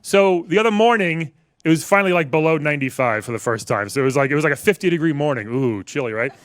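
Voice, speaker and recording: This stand-up comedian, a New Yorker in his forties, talks fast with lively intonation in a voice on the high side. On a comedy club stage in front of a live audience, he keeps things wry and conversational and riffs with the crowd.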